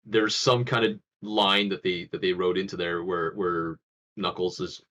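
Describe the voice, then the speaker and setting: A man on a casual podcast, reasoning things through in a measured way. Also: sits low, steady tone, fairly bright tone.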